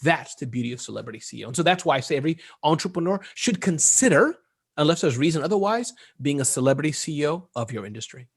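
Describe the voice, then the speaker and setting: High-pitched guy, fast and jokey, chatting as an interview guest. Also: gravelly, breathy edge. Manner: fast, animated, joking. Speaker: guest entrepreneur. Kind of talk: casual interview talk.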